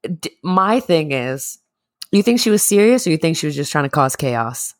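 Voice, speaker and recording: A man's voice: a little high, very animated, moderate pace. A man co-hosting a podcast in casual chat, joking and profane, laughing often and mimicking people in put-on voices. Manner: profane, jokey. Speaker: podcast co-host.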